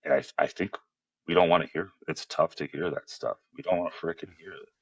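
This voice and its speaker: Low-voiced guy on a podcast, earnest, lots of you know's, dry mic. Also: steady tone, fairly quick, husky, dry recording, lo-fi sound. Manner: earnest, loose, full of "you know" fillers. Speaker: podcast guest, men's group facilitator. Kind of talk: casual interview chat.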